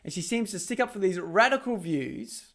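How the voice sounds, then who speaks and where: A man's voice: high-pitched, expressive, normal speed, fairly bright tone. An Australian man hosting a commentary video, talking casually and mockingly over clips. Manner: mocking, sarcastic, laughs at clips. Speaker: political commentary host.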